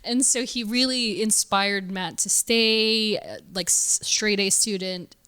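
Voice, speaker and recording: A woman's voice: mid-range voice, steady tone, slow, bright, forceful tone, clear, resonant tone. A woman co-hosting a podcast in casual chat, rambling with fillers and laughing easily. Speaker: podcast co-host.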